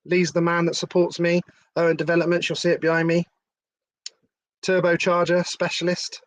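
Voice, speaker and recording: A man's voice: a little high, completely flat delivery, moderate pace. Chatty man hosting a live stream. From England. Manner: chatty, swearing, laughing, reading out viewer comments. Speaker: host. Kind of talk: casual live-stream chat.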